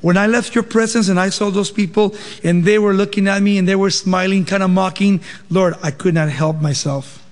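A man voicing Moses as a flustered male leader making rushed, pleading excuses. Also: high voice, fairly even intonation, big-room sound, lightly acted.

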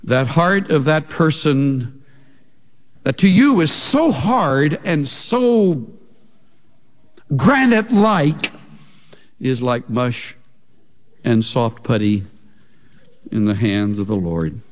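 A man preaching a sermon as a pastor, slow and emphatic, with big swings in pitch and loudness. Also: long reverb tail.

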